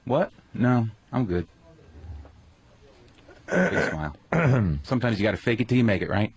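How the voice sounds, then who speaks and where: A man's voice: medium pitch, big pitch swings, measured pace, breathy edge. A man in casual radio banter with the crew, laughing off their questions a little defensively, in a radio studio. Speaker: show staffer.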